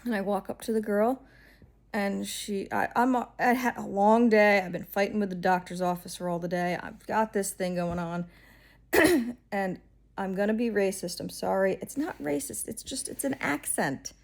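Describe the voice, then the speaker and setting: A woman vloggers telling a personal story in a loose, rambling way. Her voice sits at an ordinary middle pitch, and she sounds exasperated and wry, full of ums and restarts. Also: moderate pace, creaky. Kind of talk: casual storytelling vlog.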